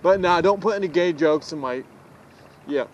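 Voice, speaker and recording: A high-pitched teenage boy vlogging on a walk outside. He jokes around and talks straight to his viewers in a loose, chatty way. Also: normal speed, dull audio. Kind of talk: casual walking vlog. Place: outdoors on a road.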